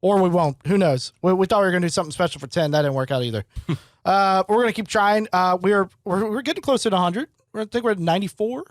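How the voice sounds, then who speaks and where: A man in his twenties co-hosting a podcast, chatting casually and telling animated, profane stories. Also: high-pitched, fast talker, dry recording, studio quality. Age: 20s. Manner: animated storyteller, swears freely. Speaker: podcast co-host. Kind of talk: casual chat.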